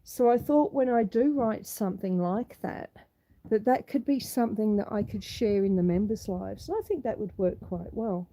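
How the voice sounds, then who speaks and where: A woman's voice: medium pitch, moderate pace, dark tone. A woman chatting to her viewers on a homestead vlog as she walks from the cold outdoors into her house, cooing at her pets along the way. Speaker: homestead vlogger. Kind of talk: casual walk-and-talk vlog. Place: outdoors in freezing fog, then indoors in a house.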